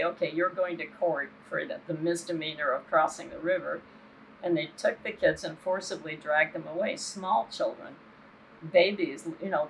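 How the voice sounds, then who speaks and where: An older woman, a human rights activist, speaks in an impassioned, earnest and indignant interview, often checking in with "right?". Her voice is fairly low, gravelly and a bit bright, and the poor audio carries a little hiss or hum.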